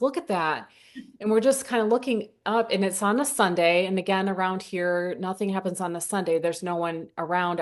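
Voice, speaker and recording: A woman photographer from southern Indiana, a guest telling stories about her shoots in a casual interview and acting out her own quotes in a higher voice. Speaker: senior portrait photographer, guest.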